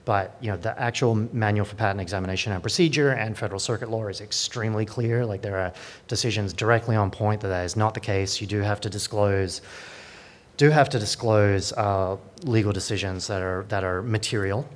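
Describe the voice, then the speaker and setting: Dry, sardonic man with a lowish voice. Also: fairly even intonation, brisk. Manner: dry, sardonic, many fillers and restarts. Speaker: lawyer at a digital rights group. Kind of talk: conference talk.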